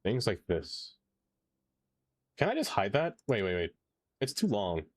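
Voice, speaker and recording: A man's voice: on the low side, huge pitch swings, unhurried. A man live-streaming a game, chatting playfully, thanking viewers and groaning theatrically at mistakes. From not American. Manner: playful, theatrical groans, reads chat aloud. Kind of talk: casual live-stream chat while playing.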